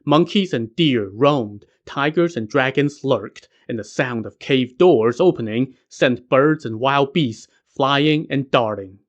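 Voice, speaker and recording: A man's voice: mid-range voice, slow pace, few pauses, muffled recording. A man narrating a classic legend as a podcast host, with casual joking asides. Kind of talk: scripted story narration.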